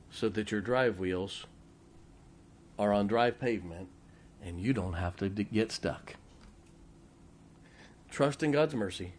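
A man preaching a folksy Baptist sermon, breaking into slow sung hymns and telling humorous stories. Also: lowish voice. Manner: breaks into hymns and scripture, sung slowly and loudly; storytelling with humor.

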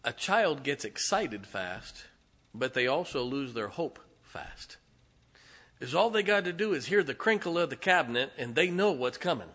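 Folksy preacher man, bright voice. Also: mid-range voice, very animated, moderate pace. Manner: folksy storytelling, swings from hushed to loud emphatic preaching. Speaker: pastor. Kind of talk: sermon.

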